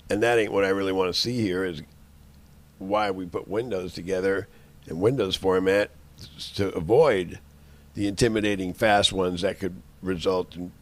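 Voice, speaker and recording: A man in an angry, rambling monologue, cursing and making threats at the people he addresses. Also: deep voice.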